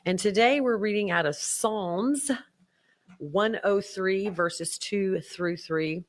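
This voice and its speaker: A woman's voice: mid-range voice, slow pace. A woman co-hosting a morning Christian talk show, chatting cheerfully and reading a devotional aloud. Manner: cheerful, reads scripture aloud. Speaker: co-host.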